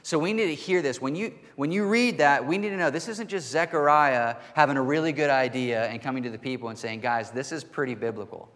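An earnest man preaches a sermon, pressing hard on key words and slowing to let them land. His voice sits in a middle register. The sound carries the long reverb of a large hall. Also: medium pitch, fairly bright tone. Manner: earnest, emphatic, slows down to stress key words. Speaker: pastor. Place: church hall.

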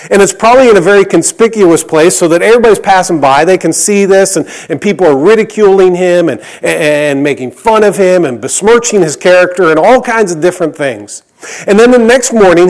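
A man preaching a sermon, reading scripture aloud in an earnest tone and dropping to a hush on key lines. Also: high-pitched. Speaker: pastor.

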